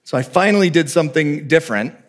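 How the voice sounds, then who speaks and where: A male pastor preaching with a slightly higher-than-usual voice for a man. He tells his story with animation, acting out the voices of the people in it. His delivery swings between loud and hushed. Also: lively intonation, quick pace. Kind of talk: sermon with storytelling.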